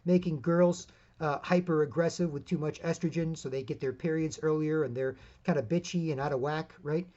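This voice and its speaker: A man's voice: a little high, steady tone, fairly quick, dark tone, muffled recording. A man hosting his own independent media show, giving a rambling, emphatic solo commentary full of asides.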